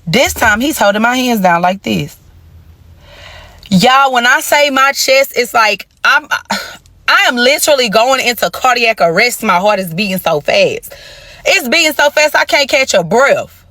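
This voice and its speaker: A woman recounting a personal story for her vlog, swearing freely and hammering each point with heated emphasis. Her voice sits a bit higher than most, and the recording is close and dry with no room sound. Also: measured pace, dry recording. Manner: animated, profane, emphatic retelling. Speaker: storytime vlogger.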